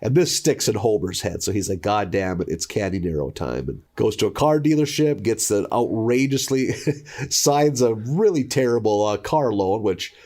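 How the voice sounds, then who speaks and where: Lively, laughing podcast co-host, man. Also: mid-range voice, moderate pace. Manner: laughs often, swears freely. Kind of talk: casual chat.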